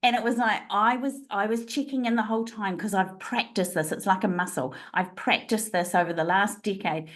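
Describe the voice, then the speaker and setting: A woman's voice: mid-range voice, fairly even intonation, fairly quick, hardly any pauses. A woman guest on a podcast interview, telling stories expressively with frequent laughter, speaking over a remote call. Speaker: guest, leadership trainer.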